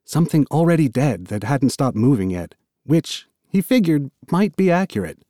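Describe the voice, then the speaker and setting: A man narrating an audiobook in an expressive, storytelling manner. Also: on the high side, moderate pace, dry recording, studio quality. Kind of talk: scripted narration.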